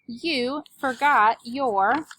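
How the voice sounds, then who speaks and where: A man's voice: very high-pitched, huge pitch swings, a little fast, fairly bright tone, voice pushed up, full character voice. A woman doing a flustered man of the house.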